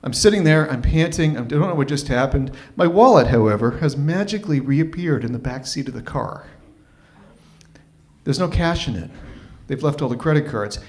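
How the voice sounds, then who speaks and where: A man from Toronto, telling a story live at an open mic in a wry, animated, self-mocking way. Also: on the high side, normal speed. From Toronto, Canada.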